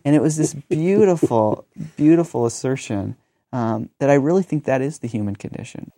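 Thirties male pastor, earnest and reflective, warm dark tone, dry studio sound. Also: mid-range voice, animated, normal speed, gravelly, dry recording. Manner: earnest, storytelling, frequent "um". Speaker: pastor and teacher. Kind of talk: conversational reflection on ministry.

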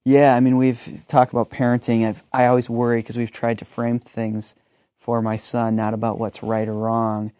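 Thirties male pastor, earnest and reflective, warm dark tone, dry studio sound. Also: medium pitch, completely flat delivery, normal speed, clean tone, dry recording. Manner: earnest, storytelling, frequent "um". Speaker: pastor and teacher. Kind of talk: conversational reflection on ministry.

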